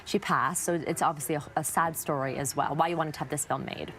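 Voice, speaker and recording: A woman hosting a morning TV show, introducing a film and asking a guest measured questions. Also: low-pitched, steady tone, a bit bright. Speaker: morning TV host. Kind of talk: TV interview.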